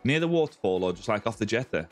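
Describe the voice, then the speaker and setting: A man's voice: lowish voice, expressive, quick pace. An Australian man live-streaming a game, chatting casually and greeting viewers by name, calling them mate and buddy. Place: home streaming setup with a ring light.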